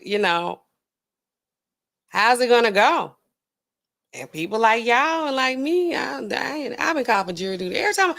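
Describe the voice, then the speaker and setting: Animated, chatty woman pharmacist streamer. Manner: animated and chatty, slangy, swings between low asides and high exclaims; laughs often mid-sentence. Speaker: pharmacist streamer hosting a livestream. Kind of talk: casual livestream chat, reading viewer comments.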